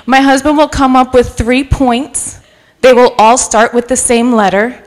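A woman in her forties from New York City with a mixed North Jersey accent, a guest preacher warming up the church with chatty jokes, stories and bits of Spanish. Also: sits high, steady tone, unhurried. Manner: chatty and joking, mixing in Spanish phrases. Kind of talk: sermon with personal storytelling. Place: church sanctuary.

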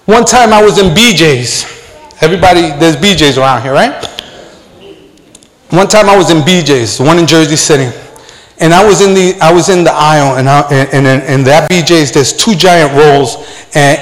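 High-voiced man preaching in a hall. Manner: fervent preaching with a personal story, repeats words. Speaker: pastor. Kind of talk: sermon. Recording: long hall reverb.

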